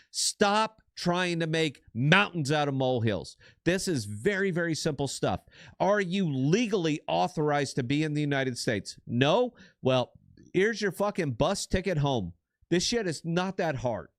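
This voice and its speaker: A man's voice: on the high side, dry recording, clean studio sound. A middle-aged man co-hosting a political podcast, giving blunt, profane and emphatic commentary. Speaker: podcast co-host.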